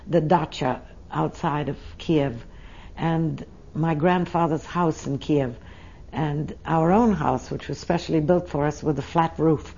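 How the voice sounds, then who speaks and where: A woman's voice: low-pitched, warm tone, muffled recording. An older woman tells her life story in an oral history interview, speaking in a reflective and emotional way.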